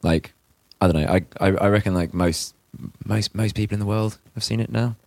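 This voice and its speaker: A man with a very deep voice, recorded close and dry. He chats casually with a sardonic, mocking edge. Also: a little fast, darkish tone, no room sound. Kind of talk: casual chat.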